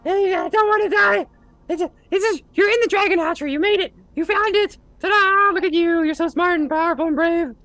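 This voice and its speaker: A game master voicing a terrified small male kobold who grovels, begs and stammers in a high squeaky voice. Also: brisk, sharp tone, no room sound, exaggerated voice. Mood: pleading.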